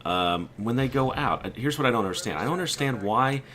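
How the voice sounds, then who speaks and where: A man's voice: mid-range voice, expressive, fairly quick, a bit bright. A man casually telling a story about a weekend trip, quoting his friends and sounding exasperated. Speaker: gaming video creator.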